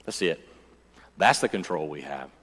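A man preaching a sermon in a church, conversational and joking, swinging from loud emphasis to hushed storytelling. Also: very deep voice, animated, normal speed, long reverb tail. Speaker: pastor.

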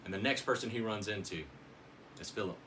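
Guy pastor giving a sermon, earnest, a bit dramatic, sharp tense tone. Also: fairly low pitch, fairly quick, a little hiss or hum. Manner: earnest, dramatic scripture reading. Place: church.

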